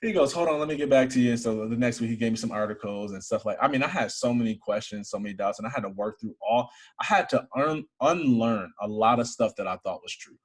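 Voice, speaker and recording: A young man from Michigan, an interview guest, telling a personal faith story in earnest, building to excited emphasis. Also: lowish voice, fast, hardly any pauses, husky.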